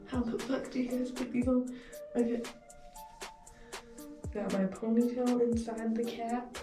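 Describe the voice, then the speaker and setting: A young woman talks to her camera in a slow, unhurried way, nervous and chatty, swearing under her breath. She sits back from the mic in an echoey room with music playing behind her. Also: fairly high pitch, steady tone, far from the mic. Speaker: beauty vlogger. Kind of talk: casual vlog talk to camera. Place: indoor room at home.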